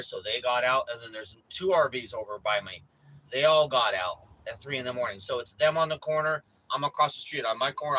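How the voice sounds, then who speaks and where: Brief: a man of middle pitch with a bright, forceful voice, swearing freely and animated as he vlogs a story to his viewers. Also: dull audio. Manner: profane, animated street talk; acts out his own quoted lines louder. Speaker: vlogger. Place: RV neighborhood in Los Angeles.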